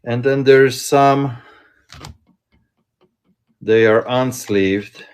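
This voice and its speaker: A man hosting a casual live-stream sale from inside a shop, chatting and thinking aloud in an unhurried way. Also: medium pitch, smooth. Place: indoors in a card shop.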